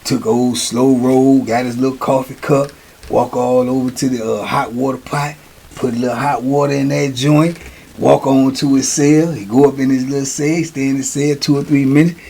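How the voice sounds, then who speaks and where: A man's voice: medium pitch, little pitch movement, moderate pace, creaky, dark tone. A middle-aged man telling prison stories in a casual, slangy, repetitive way. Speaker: storyteller, show host.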